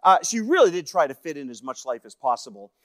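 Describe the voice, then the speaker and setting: A man with a slightly high-pitched voice tells a personal story to a congregation. He moves between quiet, heavy passages and brighter, animated bits where he plays out other people's lines. The sound is dry and close. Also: fast, no echo. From Canada. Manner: personal storytelling with acted-out quotes, swinging between hushed and lively. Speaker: guest speaker. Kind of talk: storytelling sermon.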